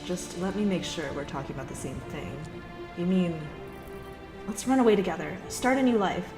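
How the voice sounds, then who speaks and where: A woman's voice: lowish voice, normal speed, close to an everyday voice. Woman reading a bold young heroine. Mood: earnest. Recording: echoey room with music.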